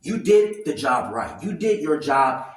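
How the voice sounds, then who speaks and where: A man giving a loud, profane, heated rant as commentary while he works out, talking from a distance with no clip-on mic. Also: a little high, sing-song, measured pace. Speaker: commentary vlogger. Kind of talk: ranting commentary while working out. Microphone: no clip-on mic, distant from the recorder. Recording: echoey room, far from the mic.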